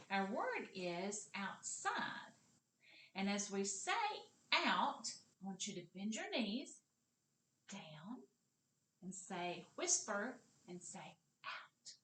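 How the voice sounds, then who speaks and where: Kindergarten teacher, woman, unhurried and lively in pitch, whispering some words, recorded in a roomy space. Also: slight background noise. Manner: slow, encouraging, sing-song teacher voice with whispered parts. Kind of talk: kindergarten literacy lesson. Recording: echoey room.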